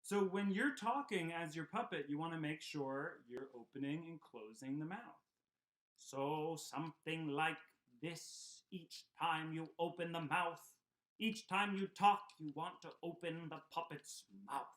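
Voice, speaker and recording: A man teaching a children's puppet and sing-along lesson at home, speaking gently and encouragingly. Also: a little high, measured pace. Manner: gentle, encouraging, talks to kids. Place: home room.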